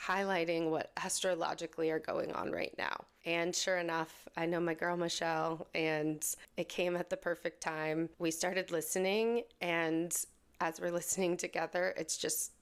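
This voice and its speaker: A woman's voice: fairly low pitch, clear, resonant tone. A woman hosting a podcast, chatting heartfelt and casually as she opens an episode. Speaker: podcast host.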